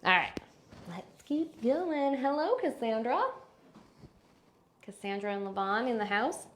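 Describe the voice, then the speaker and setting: A woman's voice: lively intonation, a little slow, a little hiss or hum. A woman teaching a live online lesson on speaking voice, demonstrating habits with exaggerated examples. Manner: demonstrative, shifts pitch and volume to show habits. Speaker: voice and speaking coach.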